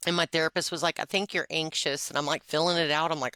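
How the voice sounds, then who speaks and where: Emotional woman, bright clear voice. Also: low-pitched, fairly even intonation, fast talker, no echo, studio quality. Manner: emotional, confessional, with frequent fillers and laughs. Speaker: podcast co-host. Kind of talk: candid personal conversation.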